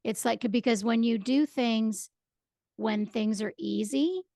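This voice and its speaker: A woman's voice: a little high, slow, warm tone, dry recording, studio quality. A woman in her fifties, a yoga and meditation teacher, co-hosting a casual podcast with upbeat, enthusiastic chat. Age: 50s. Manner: upbeat, enthusiastic, repeats words.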